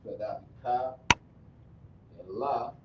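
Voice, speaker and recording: A man teaching script and pronunciation in a slow, repetitive lesson, often stopping to correct himself. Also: mid-range voice, very noisy. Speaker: language teacher. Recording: distant, dull, echoey room recording.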